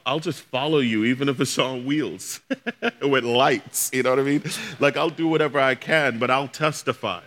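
A man's voice: mid-range voice, bright, forceful tone. A middle-aged man, a pastor, telling a personal testimony as a sermon, acting out the voices of the people in his story. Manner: storytelling, acts out quoted voices.

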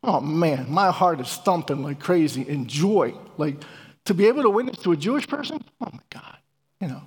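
A man's voice: fairly high pitch, animated, moderate pace, husky. A middle-aged man preaching a sermon and telling his own testimony in a fervent, repetitive, emphatic way. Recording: reverberant hall.

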